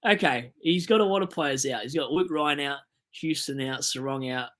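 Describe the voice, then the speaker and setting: On a relaxed livestream, a young Australian host chats, rambles and reads out viewer messages. He speaks at normal speed in a medium-pitched, slightly bright voice.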